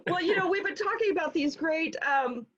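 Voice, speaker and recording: Woman host, high voice, effusive, slightly dull lo-fi video-call audio. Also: expressive, a little fast, a bit bright. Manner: effusive, exclamatory. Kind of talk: casual interview chat.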